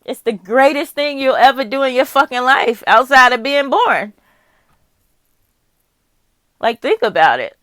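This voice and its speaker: A woman's voice: high voice, expressive, unhurried, pauses often, a bit bright, dry recording. Candid, swearing woman reading tarot. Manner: candid and profane, with frequent laughs; musing aloud, talking straight to the viewer. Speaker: tarot reader.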